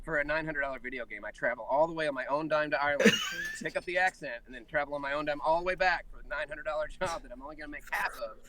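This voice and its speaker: Fast, bright-voiced joking man. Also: on the high side, poor audio. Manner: quick, jokey, slips into voices and accents. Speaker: voice actor guest. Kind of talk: casual chat on a call-in talk show.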